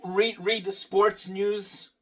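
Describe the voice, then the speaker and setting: A man's voice: high voice, little pitch movement, slow pace, far from the mic. A man talking casually through his day and a workout, repeating phrases and swearing offhand. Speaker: vlogger.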